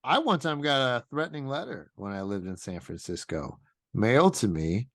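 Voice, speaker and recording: A man, a comedian co-hosting a podcast, telling stories loosely with quick asides. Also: mid-range voice, lively intonation, fairly bright tone, dry recording, clean studio sound. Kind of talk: casual podcast chat.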